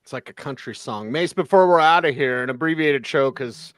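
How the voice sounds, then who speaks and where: A man co-hosting a sports talk radio show, joking and lively in conversation. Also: medium pitch, brisk, dry recording.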